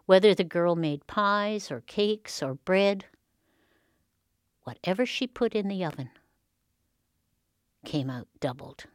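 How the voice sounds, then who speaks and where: A woman storyteller telling a folk tale with expressive, dramatic pauses. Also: lowish voice, no echo, studio quality.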